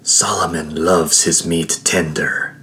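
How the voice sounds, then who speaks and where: A man's voice: deep voice, fairly even intonation, measured pace, echoey room, a little hiss or hum. A man voicing a venomous tyrant queen. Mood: hissing menace. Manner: menacing, venomous. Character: cruel, cold-blooded tyrant queen, adult woman. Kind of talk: audiobook character voice. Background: soft guitar music.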